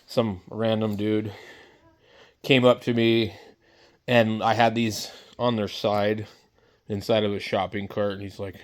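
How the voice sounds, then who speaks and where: Casting: a low-voiced man, blunt and rambling, casual storytelling to camera. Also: fairly even intonation, moderate pace, long pauses. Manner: blunt, rambling, lots of fillers. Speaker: vlogger.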